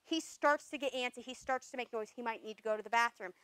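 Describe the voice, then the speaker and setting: A woman dog trainer explaining commands step by step, breaking off to give sharp corrective noises and praise. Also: a little high, fast, smooth, no room sound, low-quality recording. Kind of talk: instructional demonstration.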